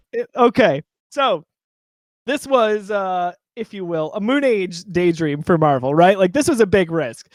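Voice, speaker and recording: A man's voice: sits high, expressive, unhurried, no room sound. A man co-hosting a casual podcast from home, talking in a rambling, chatty way with many fillers. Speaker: podcast co-host.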